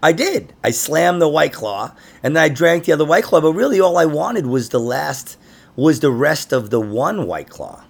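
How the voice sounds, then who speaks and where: A man's voice: fairly high pitch, moderate pace, gravelly, husky. A man hosting a comedy podcast, chatting casually and laughing often as he tells stories. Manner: laughs often, animated storytelling. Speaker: podcast host.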